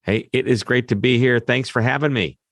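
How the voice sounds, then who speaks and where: Man, interview guest, animated explainer, quick asides, mid pitch, dry close sound. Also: no room sound. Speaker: customer service expert guest. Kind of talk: interview answers.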